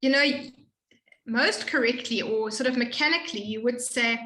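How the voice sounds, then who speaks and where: A woman tutoring a student in Hebrew reading, explaining patiently and slowly modeling each sound. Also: a little high, pushed and bright, reverberant, rough recording. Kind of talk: one-on-one reading lesson.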